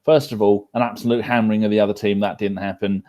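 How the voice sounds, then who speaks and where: A man's voice: lowish voice, level tone, quick pace, a little mellow. A man joking around as a podcast co-host, self-mocking and casual.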